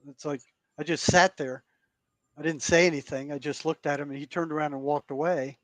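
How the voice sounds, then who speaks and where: A man speaking as a podcast guest. He recounts past events in an earnest, halting way and often repeats words as he goes. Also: on the high side, steady tone, dry recording. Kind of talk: storytelling in conversation.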